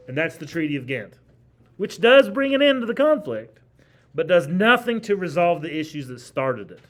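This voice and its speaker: In a classroom, a man with a fairly high, sing-song voice teaches a history class at a moderate pace. He lectures conversationally but with emphasis, repeatedly posing questions to his students.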